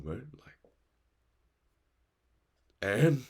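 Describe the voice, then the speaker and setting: A man's voice: fairly low pitch, lively intonation, unhurried, husky. A man giving a raw, earnest, confessional monologue of life advice, speaking straight to the listener, blunt and swearing freely.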